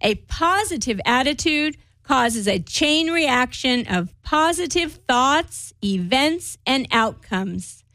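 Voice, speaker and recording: A woman reading quotes and a light poem aloud in a measured, clear voice. Her tone is high and bright, and she reads slowly. The sound is dry, with soft music underneath. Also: lively intonation, dry recording. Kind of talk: scripted reading of quotes and poems.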